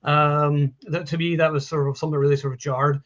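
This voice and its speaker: A podcast host runs a casual movie chat on a live stream, his voice fairly high, flat in pitch, brisk and fairly bright. He rambles and swears, restarting sentences often and laughing. The audio is dull and lo-fi, from a home mic on a video call stream.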